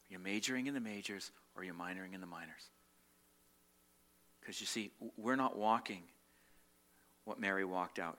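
Man, pastor delivering a sermon; bright, forceful voice; rhetorical questions, repeats lines, swings loud to hushed. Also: fairly low pitch. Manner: swings between loud emphatic peaks and quiet, slowed reflective passages.

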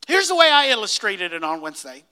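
A man's voice: high-pitched, very animated, quick pace, bright, forceful tone, smooth. A man preaching a sermon as pastor, emphatic, repeating key phrases and quizzing the congregation with "what?". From Hispanic household in the US.

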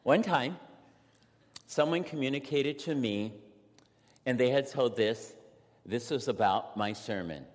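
A male pastor preaching a sermon, telling everyday scenarios with dramatic pauses and lively delivery. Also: medium pitch. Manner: animated storytelling with dramatic pauses. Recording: long reverb of a large hall.

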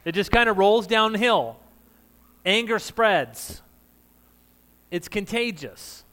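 Loud, high-voiced male preacher. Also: expressive, takes it slowly. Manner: conversational, jokes with the congregation and laughs often; says of himself that he is loud. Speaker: pastor. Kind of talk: sermon.

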